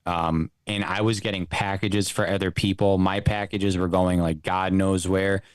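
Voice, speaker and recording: A man co-hosting a livestream, talking in a relaxed, casual way. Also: low-pitched, normal speed, clear, resonant tone, no room sound, studio quality. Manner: relaxed, testing his mic. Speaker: livestream co-host. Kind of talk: casual chat.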